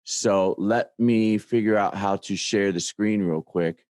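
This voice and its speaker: A man with a fairly low voice hosts a loose video-call chat. He rambles and restarts his sentences often. The sound is dry, with little room in it. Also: fairly even intonation, a little mellow, clean tone, no room sound. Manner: rambling, halting, many restarts. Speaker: host.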